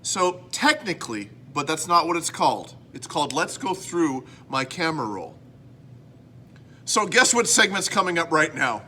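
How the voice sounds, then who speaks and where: A man's voice: a little high, sing-song, moderate pace, pushed and bright, slight background noise. A man from Canada hosting a casual home vlog, rambling and joking at his own expense. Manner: rambling, self-mocking, jokey. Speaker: host.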